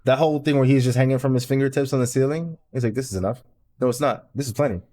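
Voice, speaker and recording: A man guest co-hosting a podcast, relaxed and opinionated in casual chat, swearing now and then. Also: mid-range voice, rapid-fire. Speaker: guest co-host.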